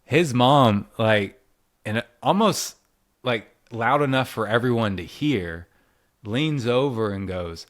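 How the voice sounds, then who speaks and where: A man's voice: medium pitch, expressive, slow, dry recording, clean studio sound. A man hosting a casual podcast, telling stories in a chatty way and laughing often. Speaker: podcast host.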